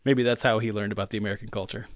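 A man's voice: fairly low pitch, steady tone, very fast, no echo, clean studio sound. A man co-hosting a casual podcast chat, rambling and joking as he corrects himself. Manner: rambling, self-correcting, jokey. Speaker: podcast co-host.

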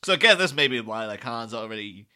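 A man's voice: medium pitch, expressive, fast, bright, forceful tone. A man co-hosting a podcast, rambling through casual analysis with many fillers, acting out quotes and laughing often. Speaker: podcast co-host.

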